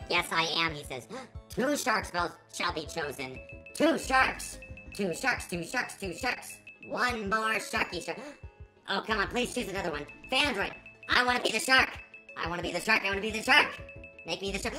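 A woman hosting a let's play, reacting dramatically with panicky yelling and pleading. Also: mid-range voice, sing-song, moderate pace, low-quality recording. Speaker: gaming channel host. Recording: voice over game music.

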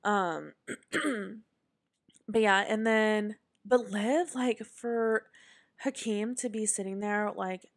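A woman's voice: mid-range voice, slow pace, no room sound, studio quality. A young adult woman hosting her own podcast, ranting casually with lots of swearing, fillers and emphatic asides. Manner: heated, profane, emphatic. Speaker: podcast host. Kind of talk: casual solo podcast rant.

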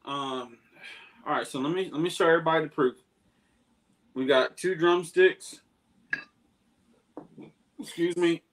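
A man's voice: a little high, a little slow, pauses often. A man hosting a casual livestream, talking in a loose, rambling way with laughs, after eating something very spicy. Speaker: YouTube channel host. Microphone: laptop or tablet on a video call.

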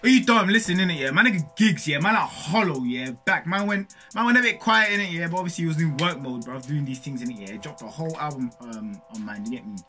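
A young man hosting a reaction video, talking in excitable street slang and throwing in shouted interjections. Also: a little high, quick pace, hardly any pauses. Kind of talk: hyped casual reaction commentary. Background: music track playing faintly.

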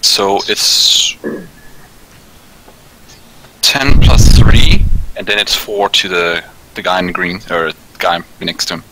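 A man's voice: low voice, level tone, moderate pace, noisy background. A man playing a tabletop game, hesitant and asking about the rules. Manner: hesitant, asks rules questions. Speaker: player. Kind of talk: casual tabletop play.

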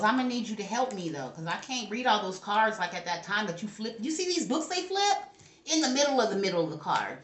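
Brash, bright-voiced woman tarot reader. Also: mid-range voice, reverberant, slight background noise. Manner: brash, profane, talks back to her spirits. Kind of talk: casual tarot reading to camera.

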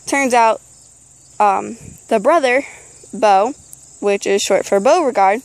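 A woman's voice: on the high side, slow, dry recording, rough recording. Chatty teen girl vlogging by goats. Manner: chatty, rambling with frequent ums. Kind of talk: casual chat. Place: outdoors beside a goat pen.

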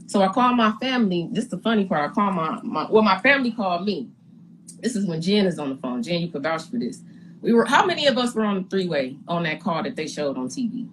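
A woman retelling a story in a casual live-stream chat, animated and indignant, often stammering and repeating words as she builds her point. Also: on the low side, fast, a little hiss or hum, rough recording. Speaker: reality TV guest recounting her experience.

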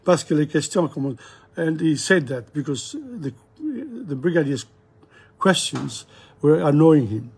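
A man with a husky voice teaching a live language lesson, reading French passages aloud and retelling them in English. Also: a little high, sing-song, measured pace, a little mellow.

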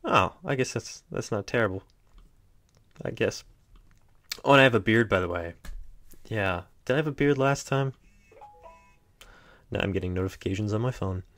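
A young man with a fairly low voice rambles through an unedited vlog. He is chatty and self-mocking, and his words often drift off into quiet asides. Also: normal speed, long pauses. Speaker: vlogger.

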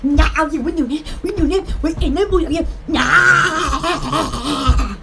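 A small shop owner with a Southern US accent chats casually on a home-shopping stream about her products, rambling, giggling and exclaiming a lot. Her high, gravelly voice moves slowly, and there is heavy background noise.

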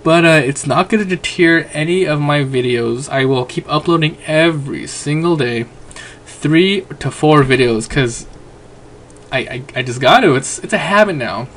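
A man's voice: fairly high pitch, normal speed, fairly bright tone, slight background noise. A young man talking casually in a home vlog, rambling with lots of fillers. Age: young adult. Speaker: vlogger.

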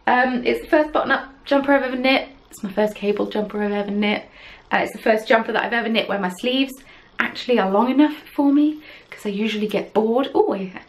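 A woman's voice: on the high side, fairly quick, hardly any pauses, rough recording. A woman hosting a podcast, chatting casually and rambling with self-deprecating asides, recorded at home on camera. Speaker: podcast host. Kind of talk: casual chat.

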